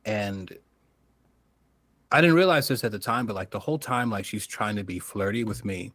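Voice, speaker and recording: Low-voiced man telling a story. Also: moderate pace, dry recording. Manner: lively storytelling, calls people brother. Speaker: podcast guest, musician. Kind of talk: casual podcast chat.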